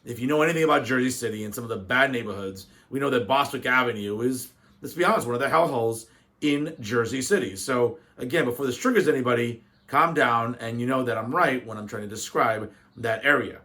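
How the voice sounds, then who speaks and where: A man's voice: medium pitch, a little fast, pushed and bright. A man hosting a political talk show, giving opinionated commentary in an emphatic, conversational way, often addressing the audience as folks. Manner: conversational with frequent fillers.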